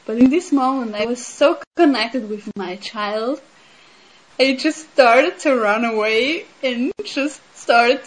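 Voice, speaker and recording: Slow, earnest woman. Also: on the high side, husky, rough recording. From Switzerland. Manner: earnest, reflective, with many "like" and "um" fillers. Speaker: speaker sharing personal insight. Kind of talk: casual spiritual talk.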